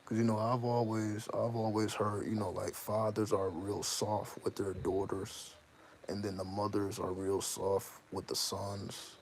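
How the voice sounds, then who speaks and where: Man, gravelly low voice, rambling casual monologue, slangy, restarts often, clear background noise. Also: measured pace. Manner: rambling, self-interrupting, heavy slang. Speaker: channel host. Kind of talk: casual personal monologue to viewers. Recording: steady audible background noise.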